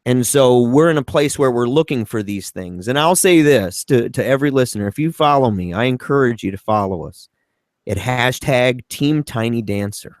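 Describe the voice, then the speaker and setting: A man co-hosting a talk show, speaking earnestly and haltingly about a hard family matter, at times tearful. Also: mid-range voice, animated, no echo, studio quality. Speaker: co-host. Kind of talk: emotional personal talk on a podcast.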